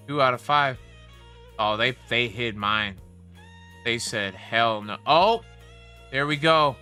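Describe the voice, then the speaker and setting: A man's voice: medium pitch, lively intonation, slow, pauses often, bright, forceful tone, faint music behind. A young man hosting a livestream, ranting casually with heavy profanity and a heated, rambling delivery. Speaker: livestream host.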